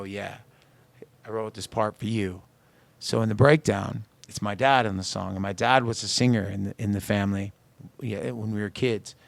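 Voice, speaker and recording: A man's voice: lowish voice, vocal fry, no echo. A man, a singer, telling personal stories in a radio studio interview and acting out the lines of people in them. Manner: animated storyteller acting out quoted dialogue. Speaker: singer-songwriter guest.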